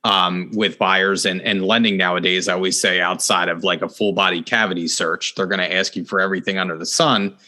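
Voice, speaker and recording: Middle-aged male podcast host, earnest and animated, bright tone, fairly low pitch. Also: a little fast, few pauses. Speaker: podcast host, real estate agent. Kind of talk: casual interview chat.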